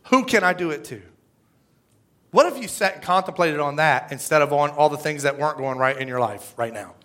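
A man preaching a conversational sermon, with a lively drawl and frequent "right?" asides. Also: on the high side, a little fast. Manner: energetic, conversational, tag questions. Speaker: pastor.

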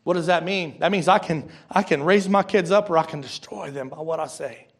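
A man's voice: a little high, fairly quick, husky. A male pastor preaching a sermon in a conversational way, repeating key phrases and asking the congregation direct questions.

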